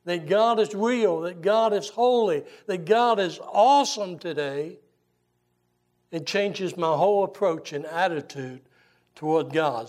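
An older man, a Baptist pastor preaching a sermon and telling folksy, animated stories. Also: high-pitched. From Southern US. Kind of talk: sermon with storytelling.

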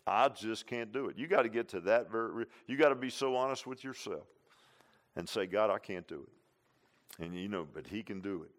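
A man's voice: fairly low pitch, animated, brisk. A man preaching a sermon, repeating lines for emphasis and tossing in "huh?" and "amen.". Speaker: pastor.

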